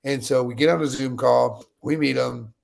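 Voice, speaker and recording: A man's voice: medium pitch, normal speed, gravelly, a little mellow. A man in his late thirties from Utah, a guest telling a long story in a casual, digressive interview style. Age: late 30s.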